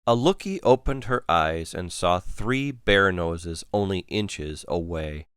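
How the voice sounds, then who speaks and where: Male storybook reader, deep, crisp and bright in a dry close recording. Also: no room sound. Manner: unhurried, expressive. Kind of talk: children's picture-book read-aloud.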